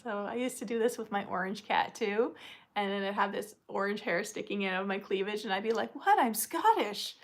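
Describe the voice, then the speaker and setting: A woman's voice: level tone, a little fast. A woman hosting a casual livestream, talking in a rambling, chatty way with frequent ums and uhs. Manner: coos at puppies in a high baby-talk voice. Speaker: livestream host. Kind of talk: casual live chat.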